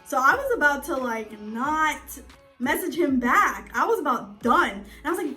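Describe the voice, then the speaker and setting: A high, light-voiced young woman in her twenties chats casually at home, giggling as she tells a relationship story. Her talk is loose and filled with "like" and "you know", and faint music sits under her voice. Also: lively intonation, normal speed, sharp tone. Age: 20s. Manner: chatty, giggly, many likes and you knows. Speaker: co-host telling a couple's story. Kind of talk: casual chat. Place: indoors at home in front of a screen.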